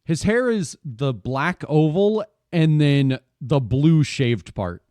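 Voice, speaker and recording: A man's voice: on the high side, expressive, slow, darkish tone, dry recording. A man streaming a game, joking and bantering playfully and laughing often. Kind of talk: casual let's-play banter.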